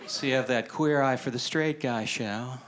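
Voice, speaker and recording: A man's voice: medium pitch, moderate pace. A man doing observational stand-up on stage with a dry, mocking delivery. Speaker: stand-up comedian. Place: live comedy stage. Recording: noisy live venue.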